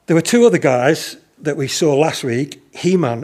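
A man preaching a sermon at a slow, measured pace, stressing his key questions. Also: fairly high pitch, a little mellow.

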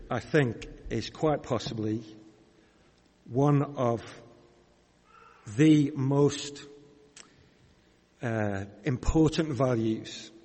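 A man with a Yorkshire accent preaching a sermon in a measured, conversational way, asking his listeners questions. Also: medium pitch, darkish tone, slightly rough, in a large hall. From Yorkshire, England.

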